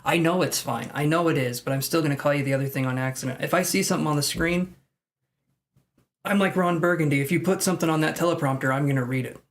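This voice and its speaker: A man with a slightly high voice hosts a live tarot stream. He rambles, thinks aloud and pokes fun at himself while reading cards for his viewers. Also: fast. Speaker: tarot reader.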